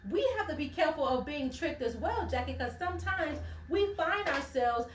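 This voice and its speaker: A woman with a high voice teaches from scripture in an easy, conversational way, acting out each character's lines as she goes. She sounds set back from the microphone in a roomy space, and the echo hangs around her words. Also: normal speed, recorded from a distance. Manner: animated storytelling, acting out the characters in the story. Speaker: radio ministry host.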